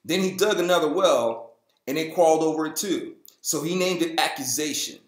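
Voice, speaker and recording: A man's voice: brisk, reverberant. A man hosting a casual Bible reading show, reading aloud and breaking in with jokes and goofy character voices. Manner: jokey, acts out the people in the story in goofy high voices. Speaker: host.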